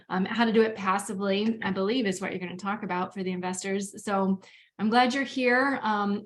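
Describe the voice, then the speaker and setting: Chatty woman hosting a webinar. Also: medium pitch. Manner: chatty, friendly, frequent "um" fillers. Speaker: webinar host.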